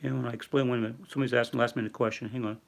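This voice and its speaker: A man's voice: mid-range voice, steady tone, very fast, vocal fry. An older man hosting a casual livestream, rambling and reading viewer chat aloud with lots of fillers. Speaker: livestream host. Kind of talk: casual live-stream talk.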